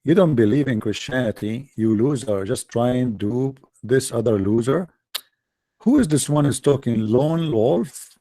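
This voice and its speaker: Taunting man with a dark, dry voice. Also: mid-range voice, animated, unhurried, dry recording. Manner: mocking, taunting, emphatic. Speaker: live-stream debate host. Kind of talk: combative live-stream debate.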